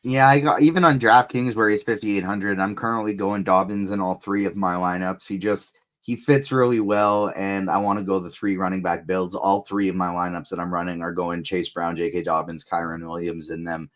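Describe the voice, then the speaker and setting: A man hosting a fantasy football live stream in casual chat, brisk and organized as he leads the show. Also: deep voice, steady tone, a bit bright. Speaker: fantasy sports show host.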